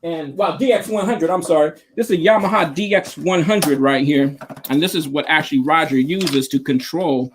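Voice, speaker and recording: A man's voice: fairly high pitch, normal speed, a little hiss or hum. A man, a DJ and producer, telling stories in a casual interview, rambling with lots of fillers and slang over a video call. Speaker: guest, DJ and producer.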